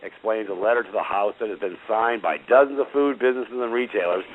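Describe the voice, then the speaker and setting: Male talk host, low voice, sarcastic ranting delivery, phone-line quality. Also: fast talker, slight background noise. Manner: ranting, sarcastic, many "uh" and "folks". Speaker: radio show host. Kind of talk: opinionated call-in talk. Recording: tinny phone-line audio.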